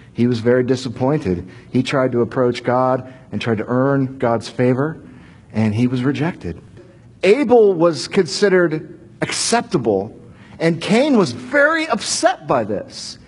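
A man's voice: mid-range voice, breathy edge. A man preaching a sermon, talking casually and acting out quoted dialogue. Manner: acts out voices of God and Cain in quoted dialogue, casual phrasing.

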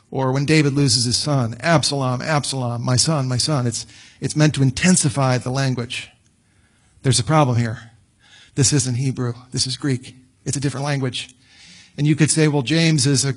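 A middle-aged man preaching a conversational sermon, sometimes acting out pleading prayers. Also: mid-range voice. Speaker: pastor.

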